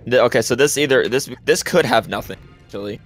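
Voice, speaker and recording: A man's voice: medium pitch, quick pace, soft background music. A man commentating a live speedrun race, explaining strategy at length and calling out misplays. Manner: explanatory, opinionated, frequent restarts.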